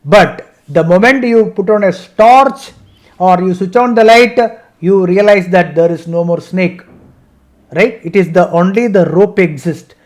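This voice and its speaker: A man teaching a scripture discussion over a video call, chanting Sanskrit verses and then explaining them slowly, often checking in with "right?". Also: high voice, a little mellow. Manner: explains slowly, repeats points, asks "right?". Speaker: Gita teacher.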